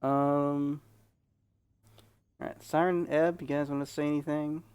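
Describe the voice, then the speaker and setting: A man's voice: on the high side, flat delivery, measured pace, a little mellow, smooth. A man hosting a let's play, talking casually with hesitant "uh"s. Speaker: gaming host.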